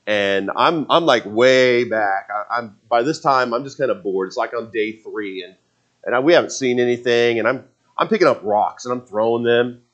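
A man's voice: mid-range voice, moderate pace. A man in his forties telling a casual personal story, rambling with many restarts and fillers. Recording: dull lo-fi sound.

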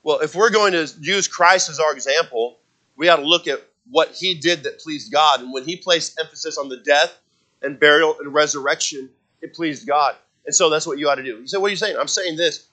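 Bright-voiced emphatic male preacher. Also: a little high, brisk, rough recording. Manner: emphatic preaching, rising and falling loudness, quotes scripture. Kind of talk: sermon.

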